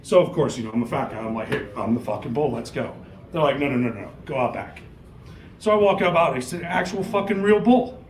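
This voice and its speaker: A man's voice: on the high side, fast, roomy sound, a little hiss or hum, low-quality recording. A middle-aged man from New York doing a stand-up comedy set, telling crude, rambling stories laced with swearing. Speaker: stand-up comic.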